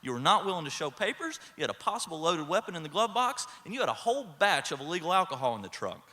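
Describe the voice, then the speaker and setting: A man's voice: sing-song, a little fast, bright, forceful tone, full character voice. A man voicing a polite, puzzled senior police officer who questions earnestly in a raised voice. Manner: high-pitched, earnest questioning. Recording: echoey hall.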